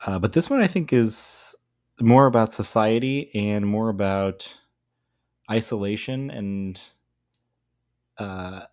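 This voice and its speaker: Low-voiced man explaining a poem. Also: a little mellow. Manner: thoughtful, explanatory, with fillers. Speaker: teacher. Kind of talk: poetry lesson talk.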